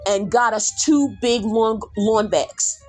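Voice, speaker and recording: A middle-aged woman hosting a podcast, telling a story loudly and animatedly, talking straight to her listeners and swearing casually. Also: a little high, slow, soft background music. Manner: animated, loud, addresses listeners directly, swears. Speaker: podcast host.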